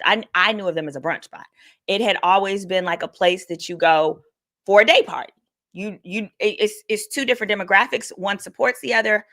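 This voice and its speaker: A woman attorney with a medium-pitched, slightly bright voice hosts a casual livestream of legal commentary. She speaks candidly and reads viewers' comments aloud.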